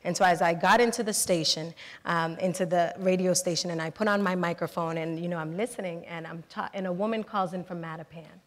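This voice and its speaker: A woman's voice: fairly low pitch, fairly even intonation, a little fast. Woman, 40s, panel speaker, earnest storyteller, reverberant hall. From Boston, Massachusetts. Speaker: state senator. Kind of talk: panel discussion. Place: public forum hall. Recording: echoey hall.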